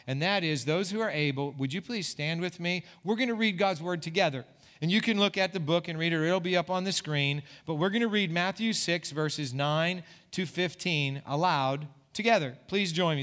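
A man's voice: a little high, a bit bright. A man preaching a sermon as a pastor, in an earnest way that repeats words as he builds a point. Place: church sanctuary. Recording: church hall reverb.

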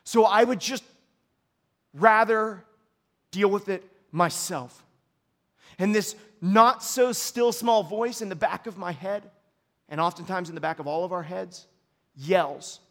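High-voiced pastor preaching a sermon. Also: male voice, unhurried, pauses often. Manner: earnest, confessional, swings from quiet to shouting.

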